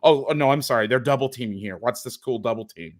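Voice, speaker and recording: A man talks football film over a video call at an ordinary pitch. He is a coach who is sarcastic and openly exasperated as he picks apart each play. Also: fast talker.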